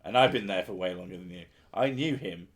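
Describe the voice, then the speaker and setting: A man's voice: low-pitched, brisk. A man streaming, chatting casually with a profane, joking manner and frequent laughter. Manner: profane, jokey, laughs often. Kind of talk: crude casual chat.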